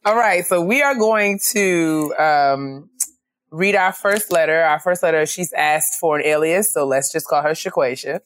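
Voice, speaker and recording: Woman podcast co-host from the US, low-pitched, casual and chatty. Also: dry recording. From United States. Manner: chatty, storytelling, quick asides and laughs. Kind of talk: casual chat.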